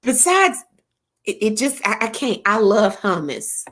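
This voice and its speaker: A woman's voice: big pitch swings, a little slow, fairly bright tone. A middle-aged woman hosting a casual live-stream chat, reading viewer comments and telling a funny story, laughing often. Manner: chatty, laughs often, playful exaggerated swoops in pitch. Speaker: host of a live chat show.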